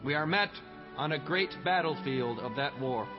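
A man playing a solemn older statesman, delivering a wartime address in slow, measured oratory, with music behind. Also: a little high, expressive, natural voice. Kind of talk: historical impression in a church service. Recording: dull sound with music behind. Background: clear music.

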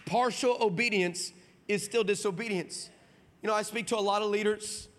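A man's voice: sits high, steady tone, normal speed. A man from El Paso, a pastor preaching a sermon, telling stories animatedly, acting out dialogue, and building to emphatic points. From El Paso, Texas. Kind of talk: sermon with storytelling. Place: large hall with audience. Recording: reverberant hall.

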